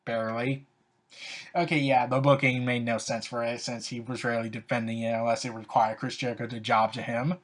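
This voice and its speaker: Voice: mid-range voice, level tone, a little fast. Wrestling commentator, casual opinion talk, sarcastic, exasperated, filler-heavy.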